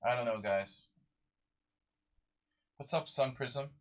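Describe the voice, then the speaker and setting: A man's voice: medium pitch, slow. A sleep-deprived man streaming a live chess game, muttering moves to himself and chatting with viewers.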